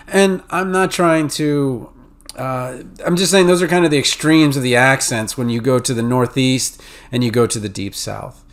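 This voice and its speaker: A man's voice: medium pitch, normal speed. A man with a New England and Mid-Atlantic accent hosts a podcast, explaining in a casual, conversational way with lots of fillers and restarts. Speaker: podcast host advising pharmacy students.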